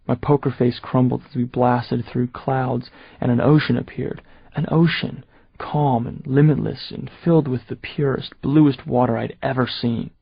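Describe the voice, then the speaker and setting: A man with a husky voice narrating a first-person audiobook in a steady, measured way. The recording is dry and close, with a slightly dull, muffled top end. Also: medium pitch, dry recording.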